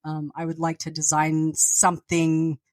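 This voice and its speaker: A woman's voice: deep voice, monotone, measured pace, a little mellow, no room sound. A woman podcast host and author, talking in a rambling, casual way with many fillers and restarts.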